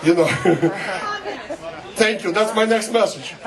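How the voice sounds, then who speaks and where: A man's voice: high voice, sing-song, slow, long pauses. A man from Russia, giving a fervent speech to a crowd at an outdoor rally and repeating a slogan. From Soviet Union (Russia). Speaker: guest speaker at a political rally. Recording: distant mic, loud crowd and noise.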